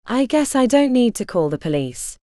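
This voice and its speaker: A woman's voice: fairly high pitch, big pitch swings, normal speed, mellow, no room sound, studio quality. A woman voicing a nervous, jumpy man with a thick Indian accent in an audiobook. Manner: fearful, stammering, pleading.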